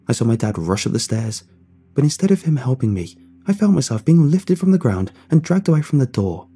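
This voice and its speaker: A man narrating a first-person horror story in a steady, dramatic way. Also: on the low side, breathy edge.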